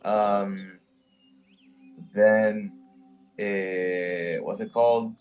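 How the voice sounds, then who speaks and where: A man playing a tabletop game, talking slowly and hesitantly with many fillers. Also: on the low side, steady tone, a little mellow, highs cut off, soft background music. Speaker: player.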